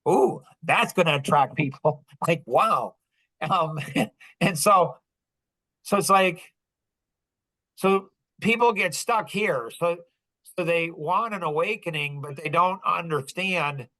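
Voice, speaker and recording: A man hosting a business podcast, telling a story in casual talk, animated and laughing often as he acts out dialogue. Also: on the high side, slow, pauses often, low-quality recording. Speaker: podcast host.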